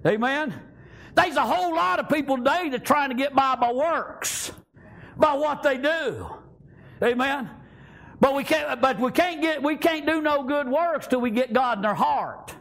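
High-voiced fervent preacher man. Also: a little slow, vocal fry. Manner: fervent preaching with frequent "praise God" and "amen", rising to shouts. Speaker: pastor. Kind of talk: sermon.

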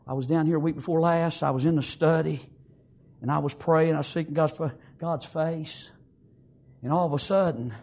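A man preaching an emotional funeral sermon in a church, repeating himself and halting, then swelling into tearful, emphatic exclamations. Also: fairly high pitch, darkish tone. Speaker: pastor at a memorial service. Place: church sanctuary.

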